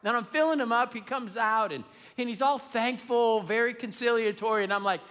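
A man preaching a sermon as pastor, telling a story with humor in an animated, emphatic way and. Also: extremely high pitch, brisk. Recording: long reverb of a large hall.

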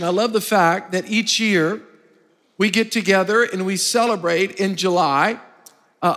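High, bright pastor preaching. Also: male voice. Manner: emphatic, calls for congregation responses. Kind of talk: sermon. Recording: long hall reverb.

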